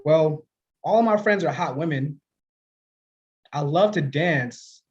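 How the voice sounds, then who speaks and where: A man doing a stand-up set, telling self-mocking stories in a deadpan way. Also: fairly high pitch, takes it slowly. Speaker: stand-up comedian. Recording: dull lo-fi livestream audio.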